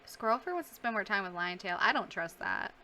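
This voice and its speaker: A woman's voice: medium pitch, expressive, brisk, bright, forceful tone, slight background noise. A young woman giving casual, emotional let's-play commentary on a game, gasping, sighing and laughing as she reacts. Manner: emotional, reacting aloud with gasps, sighs and laughs. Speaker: gaming YouTuber.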